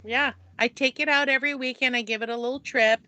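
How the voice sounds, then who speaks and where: Playful female podcast co-host, slightly high bright voice, dry. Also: fast, no echo. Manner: playful, animated storyteller. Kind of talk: casual chat.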